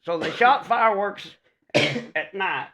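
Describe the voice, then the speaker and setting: A man's voice: high-pitched, animated, takes it slowly, sharp tone. A middle-aged man, co-hosting a podcast with his son and teasing him with dry, folksy jokes. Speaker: podcast co-host, father. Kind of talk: casual chat.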